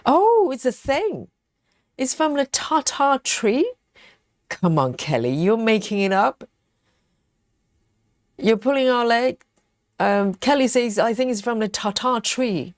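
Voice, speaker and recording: A woman hosts a live stream in a casual, playful way, reading out viewer comments and teasing them between laughs. Her pitch swings widely and she talks slowly and unhurriedly. The sound is dry and close, with no room around it. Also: sing-song, no room sound.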